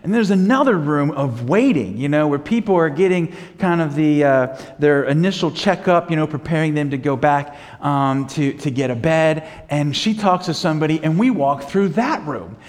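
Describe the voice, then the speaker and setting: Higher-voiced man preaching in a reverberant hall. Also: animated, normal speed, hardly any pauses. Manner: storytelling with fillers, rising to fervent preaching. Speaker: pastor. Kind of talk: sermon.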